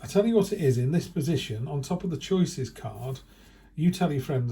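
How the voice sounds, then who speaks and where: A man's voice: fairly high pitch, lively intonation, moderate pace, dark tone. A man giving a chatty, rambling tarot reading indoors, often breaking into playful quoted asides. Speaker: tarot reader. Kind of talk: casual tarot reading monologue.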